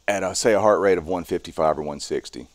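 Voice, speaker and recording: A man in his late forties, a strongman performer, explaining calmly and at length in a podcast interview. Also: low voice, no room sound. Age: 40s. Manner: calm, measured, explanatory.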